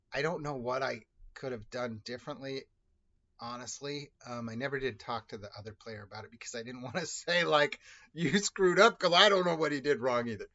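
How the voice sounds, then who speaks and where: A man tells a casual story straight to camera, rambling and correcting himself as he goes. His voice sits at a middle pitch for a man. The recording sounds dull and lo-fi. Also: pushed and bright. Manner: rambling, self-correcting, conversational. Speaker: video host telling personal stories.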